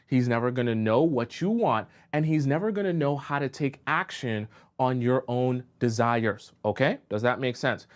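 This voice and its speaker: A man's voice: medium pitch, normal speed, few pauses. A man talking as a dating coach on a live-stream advice show, conversational and often checking in with his audience. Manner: conversational, checks in with rhetorical questions.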